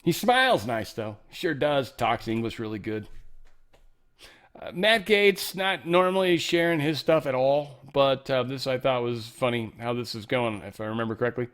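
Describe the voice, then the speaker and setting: A man's voice: mid-range voice, normal speed, a bit bright, smooth. A middle-aged man hosting a casual political news commentary show, sarcastic and rambling, swearing freely as he reacts to headlines. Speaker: host.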